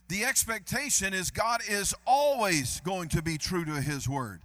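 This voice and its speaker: A man preaching a sermon, building to loud emphatic repetition. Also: sits high, measured pace, few pauses, no echo. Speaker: pastor.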